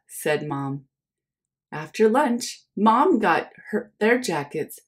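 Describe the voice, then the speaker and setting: A woman's voice: fairly low pitch, big pitch swings, takes it slowly. A young woman teacher reading a picture book aloud to children, speaking to them in a friendly way as her friends. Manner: friendly, addresses listeners as friends.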